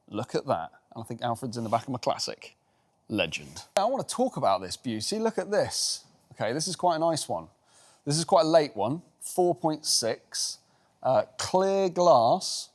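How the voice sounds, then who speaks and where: Chatty man showing off a car. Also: medium pitch. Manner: chatty, enthusiastic storyteller. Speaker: car vlogger. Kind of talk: casual vlog walkaround. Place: outdoors beside a car.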